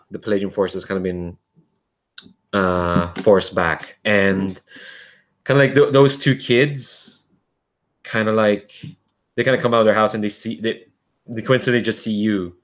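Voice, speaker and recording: Rambling male game master. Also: lowish voice. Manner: rambling, full of "kinda" and "like". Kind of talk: narrating a tabletop game.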